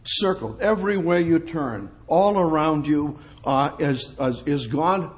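A preacher with a slightly high voice works through scripture verse by verse. He reads the text slowly and deliberately, then fires off rhetorical questions that leap from quiet asides to emphatic declarations. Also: lively intonation. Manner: emphatic, rhetorical questions, swings between soft and exclamatory. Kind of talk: expository sermon.

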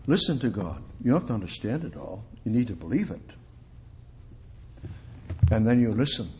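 A man giving an informal sermon in a folksy, repetitive way, often dropping to a hush. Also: lowish voice, sing-song, moderate pace, long pauses. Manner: repetitive, folksy, drops to hushed tones. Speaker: preacher.

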